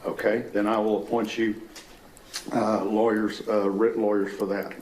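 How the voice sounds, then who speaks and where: A man, serving as a judge, reads a formal courtroom sentence in a measured way. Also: fairly low pitch, little pitch movement, a little mellow. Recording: echoey courtroom with faint noise.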